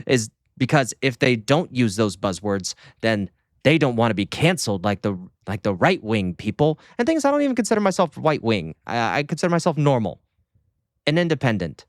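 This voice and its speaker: Male streamer, animated, mocking, dry close mic. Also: mid-range voice, no echo. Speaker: streamer reacting to a video. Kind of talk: casual reaction commentary.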